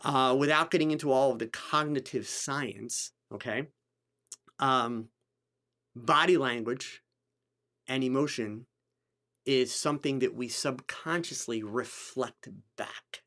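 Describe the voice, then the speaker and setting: A man hosting a live photography chat, answering viewers by name and stressing points by repeating them, his pitch swinging between low, slow stretches and high bursts. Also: pushed and bright. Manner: emphatic, repeats key phrases for stress. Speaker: photography podcast host. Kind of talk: live-streamed teaching chat.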